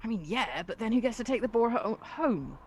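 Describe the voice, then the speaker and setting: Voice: medium pitch, lively intonation, fairly quick, breathy edge. Chatty game master narrating play. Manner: chatty, laughs between lines.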